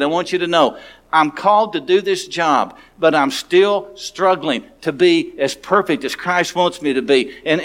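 A man's voice: fairly high pitch, fairly bright tone. A man, a pastor, preaching a sermon in a conversational, frank way, often restarting his sentences.

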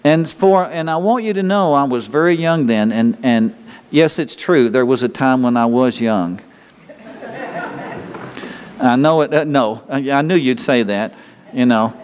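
A man's voice: mid-range voice, measured pace, darkish tone, in a large hall, slight background noise. An older man preaching a sermon as pastor, folksy and rambling, often restarting his sentences.

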